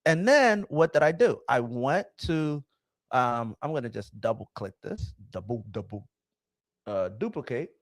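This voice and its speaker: Excitable man in his thirties, very lively. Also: mid-range voice, measured pace, no room sound. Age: 30s. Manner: excitable, rambling, animated. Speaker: host. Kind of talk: casual commentary vlog.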